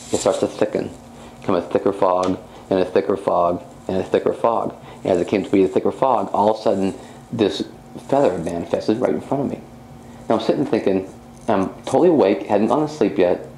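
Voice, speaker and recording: A man, a psychic medium, telling his own experience as an animated personal testimony, acting out what he said at the time. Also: deep voice, creaky. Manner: animated storytelling, reenacting his own speech. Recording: roomy echo with faint background hum.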